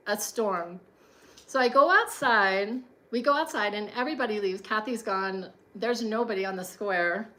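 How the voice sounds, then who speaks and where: A woman's voice: mid-range voice, a bit bright. A woman telling a personal story in a chatty monologue, full of fillers and frequent laughs.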